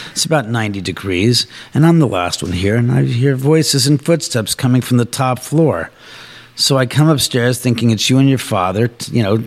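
Male storyteller, lively and animated, acts out the voices he quotes. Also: medium pitch, slight background noise. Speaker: homeowner telling ghost stories. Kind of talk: live podcast storytelling. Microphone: shared studio mic.

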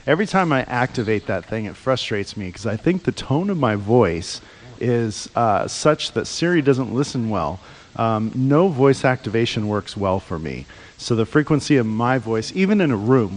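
A man's voice: mid-range voice, a little hiss or hum. A man hosting a radio show, chatting loosely in the studio, rambling and laughing as he asks questions. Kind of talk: casual studio chat.

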